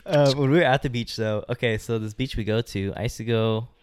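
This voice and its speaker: A man's voice: medium pitch, fairly quick, a little hiss or hum. A man co-hosting a casual podcast, telling rambling stories in a laid-back way and swearing freely. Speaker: podcast co-host.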